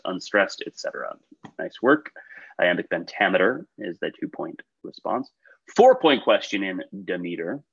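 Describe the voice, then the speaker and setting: A man with a low, husky voice hosts a trivia game over a video call. His delivery swings up and down as he reads questions and praises players, and the sound is dull and lo-fi. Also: fairly bright tone. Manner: upbeat, chatty asides between questions. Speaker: quiz show host.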